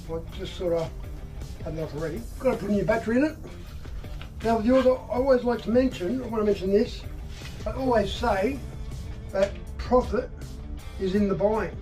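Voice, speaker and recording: High-voiced Australian bloke chatting to camera. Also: male voice, darkish tone, low-quality recording. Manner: chatty, matey, addresses viewers directly. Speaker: vlogger. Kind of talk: casual chat to camera while working on a motorbike.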